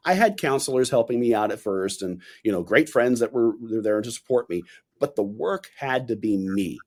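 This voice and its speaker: A man in his forties, a podcast guest, chatting casually and telling animated stories in which he acts out the voices he quotes. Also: mid-range voice, moderate pace. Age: 40s. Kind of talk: casual interview chat.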